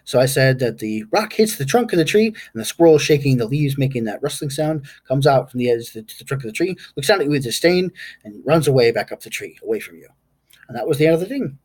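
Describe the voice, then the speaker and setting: A man with a husky, breathy voice recaps his latest tabletop game session as its game master. His pitch rises and falls a lot as he talks. He rambles casually and stops to search for names aloud. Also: lively intonation, fast talker, darkish tone.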